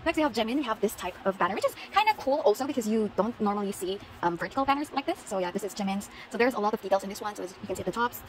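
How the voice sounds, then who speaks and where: Bubbly fast-talking woman. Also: medium pitch, animated, a little hiss or hum, low-quality recording. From Philippines. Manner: bubbly, gushing, repeats "very, very". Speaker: vlogger. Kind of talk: casual haul vlog.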